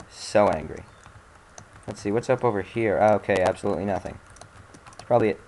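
A man with a slightly low voice talks through a video game in loose, off-the-cuff commentary. He mutters to himself between moves and regularly erupts into exasperated swearing. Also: normal speed, long pauses, darkish tone. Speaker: video game let's-play host. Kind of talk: casual gameplay commentary.

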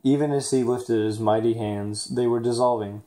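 Guy reading a kids' book out loud, low dark voice, pretty steady, some uhs on the questions. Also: normal speed. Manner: plain steady reading, hesitant with fillers when asking questions. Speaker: student reader. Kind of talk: read-aloud of a picture book with discussion questions.

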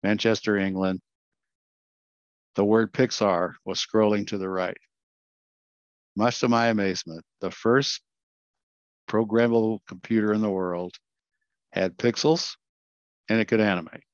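Older guy giving an earnest slide talk over a video call, lowish voice, kinda dull lo-fi sound. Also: steady tone, unhurried, long pauses, no room sound. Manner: earnest, self-correcting storyteller. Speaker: guest speaker.

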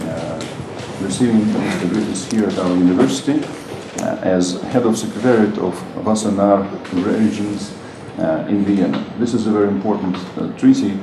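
Man, very deep gravelly voice, halting formal intro, uh fillers, echoey hall with noise. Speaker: university vice rector introducing guest.

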